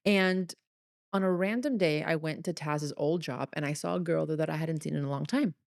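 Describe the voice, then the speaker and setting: A woman's voice: low voice, normal speed, vocal fry, no room sound, clean studio sound. A young woman hosting a solo podcast, telling a personal story in an earnest, chatty, confessional way. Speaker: podcast host.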